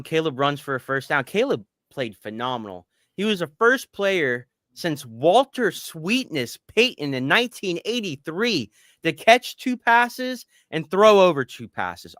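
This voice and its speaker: A man in his thirties co-hosting a casual sports podcast, telling animated stories and swearing casually. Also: on the high side, normal speed, no echo, studio quality. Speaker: podcast co-host.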